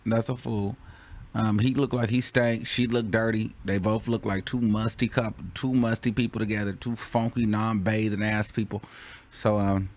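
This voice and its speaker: A man hosts a casual commentary show, laughing often and animatedly acting out scenes in dramatic reenactments. His voice is fairly low and his pace moderate.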